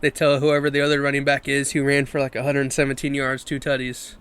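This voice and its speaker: Smooth and mid-range, this man's voice moves a little fast as he runs a casual sports podcast on a video call. He's easygoing, guiding the conversation from topic to topic and doing the ad reads.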